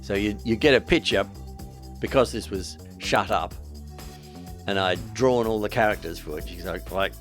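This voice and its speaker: Male author, deep-ish voice, casual rambling vlog tone. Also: normal speed, a bit bright, faint music behind. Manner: rambling, self-deprecating, wry asides. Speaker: author promoting his book.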